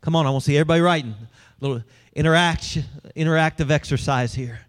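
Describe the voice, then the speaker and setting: A man's voice: fairly high pitch, fast talker. A man preaching a sermon, conversational and humorous, talking directly to his congregation. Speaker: pastor.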